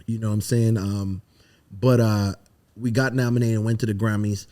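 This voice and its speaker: A man from the Virgin Islands, a songwriter telling animated, emphatic stories and swearing freely in a casual podcast interview. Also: on the low side, moderate pace. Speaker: songwriter guest.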